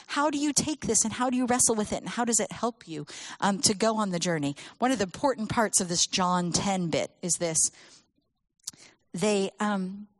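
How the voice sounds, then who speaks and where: A woman speaking to a church audience about children and faith, telling stories with lively acted quotes. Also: medium pitch, dry recording. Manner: animated storytelling with acted quotes.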